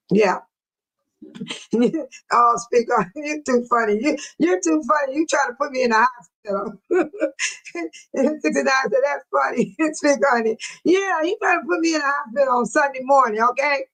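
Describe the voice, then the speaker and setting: A woman's voice: a little high, a bit bright, poor audio. A woman in her sixties from the Chicago area, hosting a casual livestream, chatting and laughing often while reading viewer comments. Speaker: livestream host.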